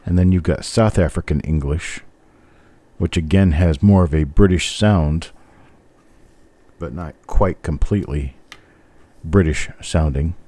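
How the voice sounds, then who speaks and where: Deep, mellow-voiced older American man. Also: measured pace, pauses often. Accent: general American. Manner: rambling, easygoing, chuckles often. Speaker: host of a live coin roll hunt stream. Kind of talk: casual live-stream chat answering viewers.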